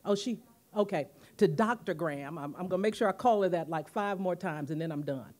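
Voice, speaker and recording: A woman's voice: lowish voice, fairly quick. A woman in her fifties gives a commemorative speech in a university auditorium at a podium mic, telling stories and acting out the quotes. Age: 50s. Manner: animated storytelling, acting out quotes. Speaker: guest speaker, museum president.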